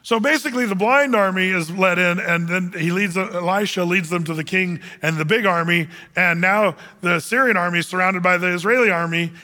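In a large, echoing hall, a pastor delivers a sermon in a high, bright voice, fairly quick and with few pauses. He tells the scripture story with animated energy, slipping into little voices for the characters.

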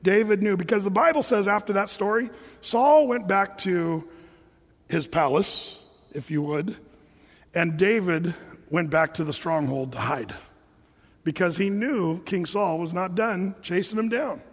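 A high-voiced man preaches a sermon and acts out each scene as an animated storyteller. He speaks in a church sanctuary with a long hall reverb. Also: unhurried. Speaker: pastor.

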